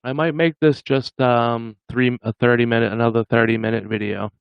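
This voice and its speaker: A man's voice: medium pitch, fairly even intonation, normal speed, gravelly, smooth, dry recording, dull audio. A man hosting a livestream, chatting casually with viewers in a rambling way and chuckling often. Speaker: livestream host.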